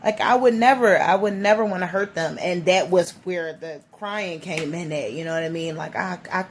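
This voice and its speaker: A woman's voice: lowish voice, normal speed, slight background noise. Teary woman in a casual vlog. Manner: emotional, rambling, many restarts. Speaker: vlogger.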